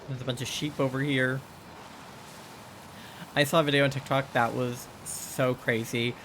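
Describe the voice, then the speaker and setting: With a medium-pitched, somewhat bright voice that moves little in pitch, a man streams a video game from home at a moderate pace. His casual commentary is rambling, chatty, and playful, with laughs and squeals, though he sounds sleepy and yawns, and there's a slight hiss or hum.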